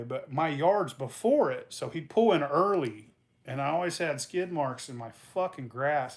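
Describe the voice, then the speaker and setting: A man hosting a casual show, telling rambling, profane stories about his past and laughing along as he goes. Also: a little high. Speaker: host. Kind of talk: casual storytelling.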